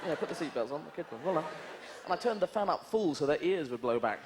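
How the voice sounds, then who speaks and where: A man riffing through a surreal stand-up set, his voice fairly high for a man. He rambles from one absurd aside to the next. The old broadcast recording carries a heavy hiss. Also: animated, fast. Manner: rambling, absurd asides with frequent "you know". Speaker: stand-up comedian. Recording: noisy old TV broadcast, live audience.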